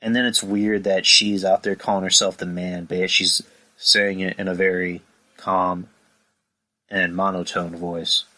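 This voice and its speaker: Brief: profane podcast host, lowish bright voice, rambling and worked up. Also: male voice, flat delivery, a little slow, rough recording. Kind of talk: casual wrestling review podcast.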